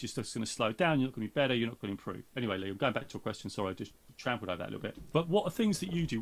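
A man hosting a podcast in casual chat, rambling and breaking off mid-thought, sometimes reading aloud from a book. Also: mid-range voice. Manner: rambling, self-interrupting, reads aloud with lively voices for quotes. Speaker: podcast host.

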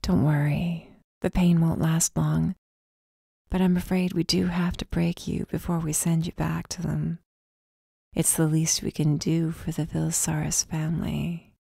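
A woman's voice: low voice, flat delivery, unhurried, creaky, mellow, slightly rough, no echo, heavily acted. Woman putting on a creepy whispery young witch, cruel and taunting, dry close sound. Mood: whispered menace.

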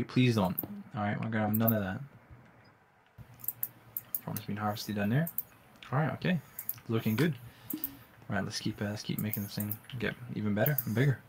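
A young man live-streaming a game, chatting with viewers in slang and breaking into loud exclamations. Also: on the low side, slight background noise. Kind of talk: live-stream gaming commentary. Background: faint music.

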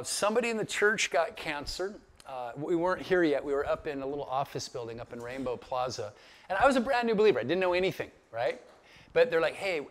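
Animated male pastor teaching conversationally. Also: fairly high pitch. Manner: conversational, animated storytelling with frequent "right?". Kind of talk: casual Bible study teaching.

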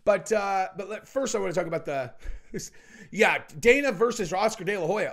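A man's voice: sits high, animated, moderate pace, fairly bright tone. A man hosting his own show, giving casual opinion commentary in a rambling, emphatic way with frequent restarts. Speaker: show host.

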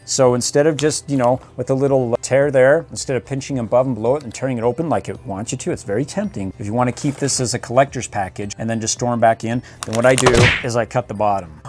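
A man's voice: medium pitch, very animated, fairly quick, few pauses, faint music behind. A middle-aged man doing an enthusiastic, jokey toy unboxing review. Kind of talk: casual toy unboxing commentary.

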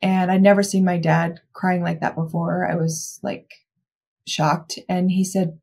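Husky-voiced woman recounting her past. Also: on the low side, level tone, measured pace, a little mellow. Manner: candid, reflective storytelling. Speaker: interview guest. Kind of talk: personal account in a podcast interview.

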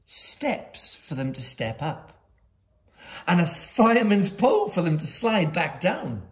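A woman reads a children's picture book aloud for a school, her voice swooping widely up and down. She takes her time, lingering on dramatic pauses. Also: on the low side. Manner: lively voices for characters, slow dramatic pauses. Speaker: school storyteller.

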